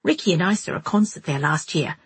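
Woman narrator doing a keen teenage girl in a novel, slightly higher, husky. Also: fairly quick, dry recording. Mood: eager. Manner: eager, chiming in. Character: chatty teenage girl chipping in.

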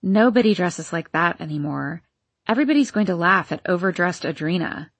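A woman's voice: lowish voice, expressive, fairly quick, dry recording, pitched below the performer's own voice. A woman voicing a jealous, scornful teenage girl who talks in a sneering, bitter way.

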